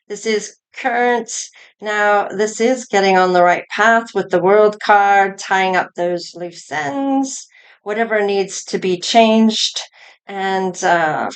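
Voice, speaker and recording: Slow, smooth-voiced woman reading tarot. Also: medium pitch. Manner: slow, musing, thinking aloud between cards. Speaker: tarot reader.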